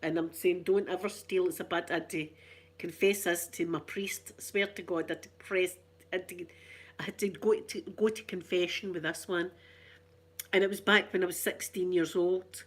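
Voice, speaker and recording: A woman's voice: lowish voice, steady tone, normal speed. Cheeky rambling Scottish woman. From Scotland. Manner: cheeky, rambling, self-mocking storyteller. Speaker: ASMR channel host. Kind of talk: casual chatty ASMR talk.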